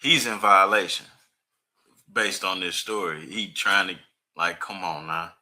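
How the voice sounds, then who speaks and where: A man's voice: low voice, fairly even intonation, a little slow, sharp tone. A man hosting a reaction video, commenting emphatically in profane street slang.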